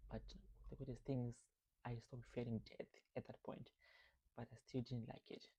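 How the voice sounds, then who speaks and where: A man's voice: medium pitch, level tone, normal speed, vocal fry, dark tone, husky, dull audio. A man vlogging, telling a personal story about grief in a reflective, conversational way and often checking in with "right?".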